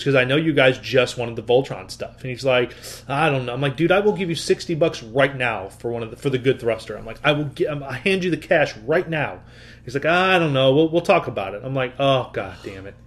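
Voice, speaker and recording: A man telling a story in casual chat, acting out what people said and swearing freely. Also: medium pitch. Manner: animated, swears, acts out quotes.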